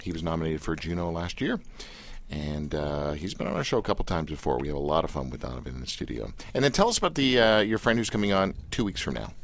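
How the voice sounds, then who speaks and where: A man's voice: a bass voice, big pitch swings, quick pace, creaky, no room sound. A man hosting a radio show in a studio, talking in a jokey, rambling, self-mocking way. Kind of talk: casual radio chat.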